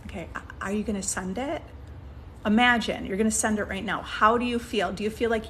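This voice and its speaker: A woman's voice: mid-range voice, steady tone, a little fast, a bit bright, slight background noise. A woman giving a casual coaching talk as a manifestation coach, coaxing her listeners and checking in with frequent "okay?" and "right?". She often restarts sentences while thinking aloud.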